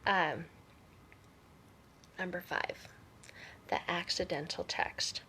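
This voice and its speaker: A woman's voice: medium pitch, expressive, normal speed, a bit bright. A woman vlogger talking casually to camera, candid and sarcastic, often laughing.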